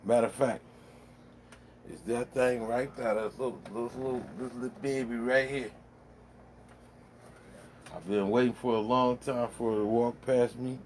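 A man's voice: medium pitch, steady tone, measured pace, pauses often, a little mellow, slight background noise. Blunt, profane middle-aged man rambling. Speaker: vlogger. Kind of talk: casual rambling monologue. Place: home man cave.

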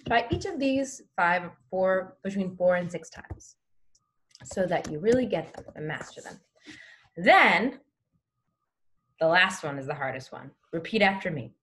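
A woman teaching artist leading a home lesson, lively and encouraging as she demonstrates each exercise. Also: mid-range voice, a little slow. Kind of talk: guided lesson for kids at home.

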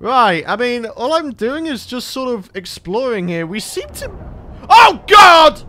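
Excitable high-voiced British gaming man. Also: normal speed. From Britain. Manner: excitable, yelps and shouts in panic. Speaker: gaming channel host. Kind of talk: let's play commentary.

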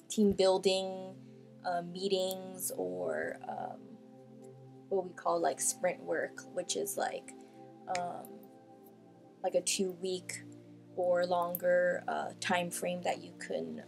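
This woman art vlogger's voice sits on the low side, a little mellow with vocal fry, and the recording is rough. She chats casually, filling pauses with ums, before reading aloud a Bible chapter.

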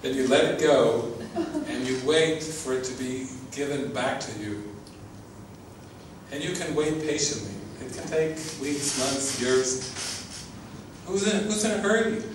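This man's mid-range voice moves at a measured pace as he teaches an informal spiritual talk. Earnest and quick to laugh, he repeats his words, and the audio sounds echoey and distant with background noise.

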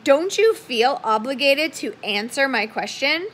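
Bright, high-voiced upbeat woman coach. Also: animated, unhurried, slight background noise. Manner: upbeat, acts out sample messages in a brighter voice. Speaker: direct sales consultant giving tips. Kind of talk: casual coaching talk to camera.

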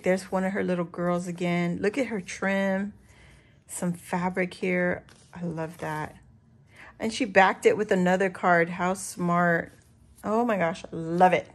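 A woman hosting a casual craft unboxing, gushing with excited exclamations as she shows each piece. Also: on the low side. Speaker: crafting channel host.

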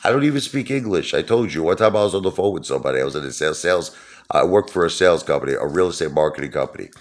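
A man's voice: a bass voice, rapid-fire. A middle-aged man hosting his own channel, telling rambling stories in a joking, self-mocking way. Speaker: YouTube host. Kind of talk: casual rambling vlog talk.

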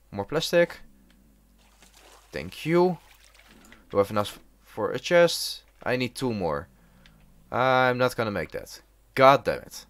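A man voicing a survival game run, his words coming at an unhurried pace. He swears and shouts at the game whenever it turns on him. The sound is dry and close, with no room around it. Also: on the low side, sing-song, no room sound. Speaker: gaming YouTuber. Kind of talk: let's play commentary.

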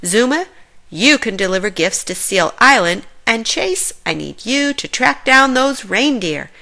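A woman's voice: fairly high pitch, lively intonation, a little slow, vocal fry, pushed and bright, full character voice. A woman voicing an eager young boy who leads a rescue team in a children's storybook, upbeat and commanding. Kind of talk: children's storybook read-aloud.

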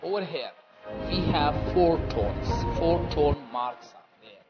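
A man teaching a recorded language lecture, explaining step by step in a deliberate, repetitive way with many pauses. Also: fairly high pitch, animated. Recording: dull lo-fi audio with loud music.

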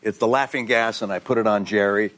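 Older man telling animated stories. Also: on the low side, a little fast. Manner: animated storyteller, acts out other people's voices. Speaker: guest actor. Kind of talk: casual anecdotal chat. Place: TV talk show studio.

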